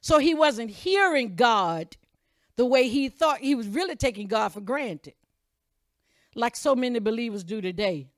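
A woman's voice: animated, a little slow, dry recording. Fiery preaching woman, dry close sound. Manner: impassioned preaching, swings from loud calls to low asides; reads scripture aloud and comments between verses. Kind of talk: sermon.

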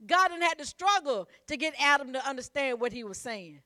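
A woman preacher with a high, sharp voice delivers a sermon in an animated, brisk manner. She is emphatic and repeats phrases, calling on the congregation to repeat after her and respond.

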